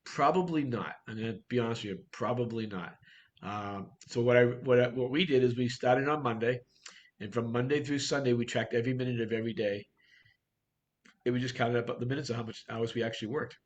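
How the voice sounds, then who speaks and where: A man's voice: mid-range voice, fairly even intonation, fast talker. A man coaching real estate agents in a workshop talk, blunt and direct, firing off rhetorical questions.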